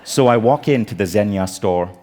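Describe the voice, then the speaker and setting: A man in his forties giving a keynote talk on stage, storytelling with comic, animated delivery and acted-out quotes. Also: on the low side, normal speed, a little hiss or hum. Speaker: keynote speaker. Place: conference stage.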